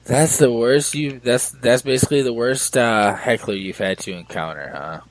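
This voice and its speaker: A man hosting a podcast asks his guest questions in a relaxed, halting way, pausing and restarting as he goes. His voice is middle-pitched and easygoing. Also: no room sound, poor audio. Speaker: podcast host. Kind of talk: casual interview.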